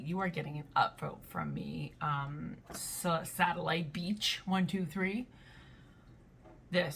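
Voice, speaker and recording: Blunt, animated twenties woman host, bright forceful tone, slightly low pitch. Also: slow, creaky, a little hiss or hum. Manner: blunt and animated, with playful voices. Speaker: reaction video host. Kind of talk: casual chat reading online posts.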